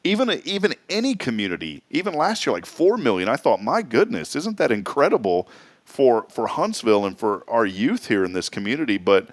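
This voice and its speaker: A man's voice: medium pitch, a little fast, no echo. A man hosting a casual morning talk show, joking and laughing a lot. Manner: joking, animated, laughs often. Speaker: radio show host.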